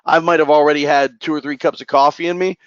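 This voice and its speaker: Energetic fast-talking man, muffled recording. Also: a little high, clean tone, dry recording. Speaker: sales trainer. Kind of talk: sales training with role-play.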